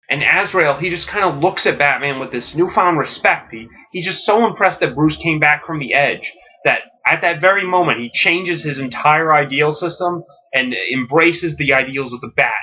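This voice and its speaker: A man hosting a comedic podcast, pitching a story in a rambling, filler-heavy way with deadpan enthusiasm. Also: normal speed, highs cut off.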